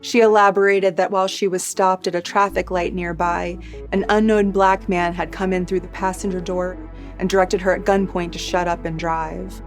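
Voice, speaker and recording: Woman narrating true crime, low-voiced. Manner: steady, measured storytelling. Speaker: true crime channel host. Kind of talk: scripted narration. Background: soft background music.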